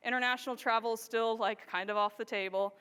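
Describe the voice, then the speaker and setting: A woman with a high, bright-pitched voice tells stories on stage to a live audience, lively and excited. Her voice rings out with a long reverb from the large hall. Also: fast, clear, resonant tone. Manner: enthusiastic, animated storytelling with frequent laughter. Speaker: wildlife photographer giving a stage presentation. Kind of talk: live storytelling presentation to an audience.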